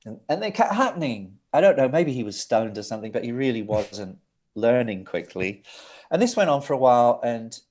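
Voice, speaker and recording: A middle-aged man, a record producer telling laughing, lively anecdotes as an interview guest. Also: mid-range voice, normal speed. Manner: lively, laughing, with restarts and asides.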